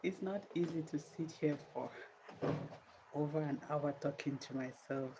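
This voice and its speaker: A woman's voice: low-pitched, a little slow, warm tone, slight background noise, low-quality recording. A tired woman vlogger chatting casually on a livestream, pleading with viewers and drawing out her words.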